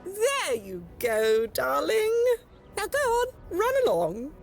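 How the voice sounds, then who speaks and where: Snooty court lady, high gravelly voice, swooping sing-song, faint music behind. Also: huge pitch swings, slow pace, exaggerated voice. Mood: patronizing. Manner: patronizing, sing-song, calls people darling. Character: condescending aristocratic court lady. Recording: game audio with music behind.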